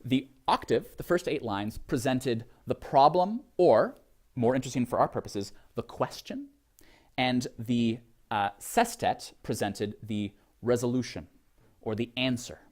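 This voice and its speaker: A man's voice: mid-range voice, a little slow. A man giving a college literature lecture to a class, thinking aloud with many fillers and restarts, and reading poems aloud.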